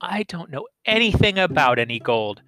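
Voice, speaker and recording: A man voicing a sharp-tongued, scheming peasant wife with a high, scolding manner. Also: sing-song, moderate pace, heavily acted. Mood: feigned innocence.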